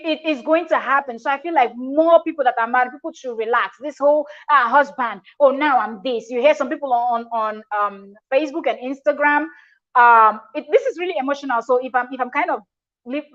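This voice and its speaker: In dull audio, a woman with a high voice hosts a reaction video. She offers casual reaction commentary in a chatty, emphatic manner and restarts often.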